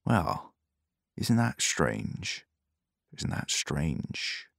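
A man voicing a tired old grey-haired fisherman who speaks in a slow, soft mutter, in an audiobook. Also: sits low, no room sound, studio quality.

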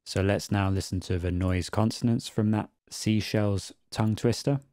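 Deep-voiced man explaining audio step by step. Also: moderate pace, clear, resonant tone, no room sound, studio quality. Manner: calm, methodical explaining. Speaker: audio tutorial presenter. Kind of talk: screen-recorded tutorial narration.

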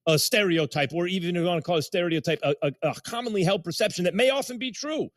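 A man's voice: high voice, fast, no echo, studio quality. A man co-hosting a sports talk show, arguing a point and reasoning it out at length. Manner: argumentative, reasoning aloud. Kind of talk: heated studio debate.

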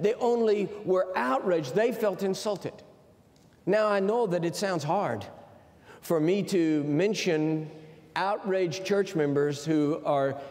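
A man's voice: high-pitched, darkish tone. Man preaching a sermon, tells stories with emphasis, big echoey auditorium sound. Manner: storytelling, emphatic. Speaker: university president preaching. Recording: long hall reverb.

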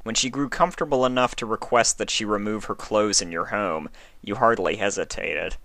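Deep-voiced man reading a story aloud. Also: moderate pace, a bit bright, no echo. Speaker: story reader. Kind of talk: audiobook narration.

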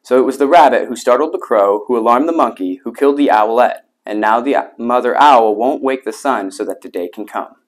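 A man's voice: mid-range voice, brisk, hardly any pauses, natural voice, low-quality recording. A man reading a picture book aloud, voicing King Lion as he sums up the chain of blame before his council, close to his own voice. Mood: solemn. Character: King Lion, male, regal and judging.

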